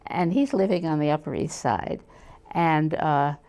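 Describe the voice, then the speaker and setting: An older woman novelist in a casual interview, telling stories in a lively way and acting out the voices of the people in them. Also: sits low, unhurried. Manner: animated storyteller, acts out quoted voices. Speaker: novelist guest.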